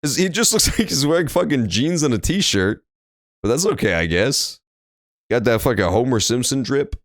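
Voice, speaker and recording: A man's voice: medium pitch, sing-song, moderate pace, dry recording. Crude jokey male streamer. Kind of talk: casual let's-play commentary. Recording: dry room with faint game music.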